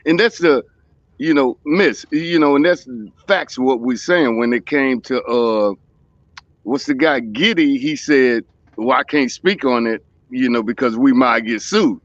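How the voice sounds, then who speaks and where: A man's voice: medium pitch, a little slow, no room sound. Southern guy rambling on a show, lots of you know and restarts, kinda muffled and dry. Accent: Southern American. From American South. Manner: rambling, with many fillers and restarts. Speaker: co-host. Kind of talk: casual chat.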